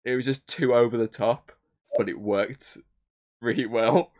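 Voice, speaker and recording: A man's voice: mid-range voice, fairly even intonation, unhurried, a little mellow. A man co-hosting a podcast, rambling through a film recap with lots of fillers and swearing. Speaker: podcast co-host. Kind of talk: casual podcast chat.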